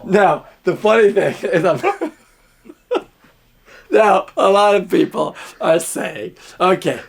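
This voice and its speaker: A man's voice: high-pitched, lively intonation, slow pace, gravelly, slightly rough. A man telling a personal story to the camera in a candid, rambling way, swearing freely. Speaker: vlogger.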